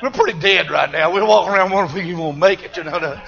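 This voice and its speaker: An older man, preaching a fiery sermon in a church and shouting and whooping with exuberance. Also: high voice, rapid-fire, creaky, highs cut off, soft background music. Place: church service.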